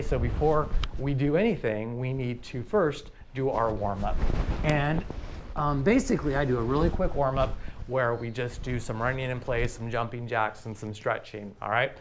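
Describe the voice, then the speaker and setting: A man in his fifties leading a livestream workout class, talking plainly and slowly with many pauses and ums. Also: medium pitch, a little hiss or hum. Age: 50s. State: out of breath. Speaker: fitness instructor.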